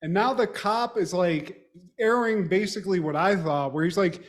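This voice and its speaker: A man with a high-pitched voice talks through a movie's plot in loose, swearing podcast chat. He tells it like a story and laughs often. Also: moderate pace. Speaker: podcast co-host recapping a film. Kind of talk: casual profane chat.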